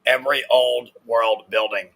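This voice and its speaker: Crude, swearing man with a bright voice. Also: mid-range voice, steady tone, measured pace, vocal fry, soft background music. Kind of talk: casual chat.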